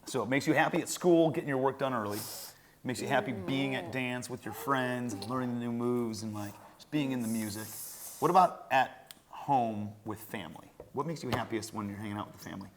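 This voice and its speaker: Easygoing podcast dad chatting casually. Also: male voice, medium pitch, brisk, noisy background. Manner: easygoing, chatty, loose with fillers. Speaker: podcast host interviewing his daughter. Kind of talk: casual conversational interview.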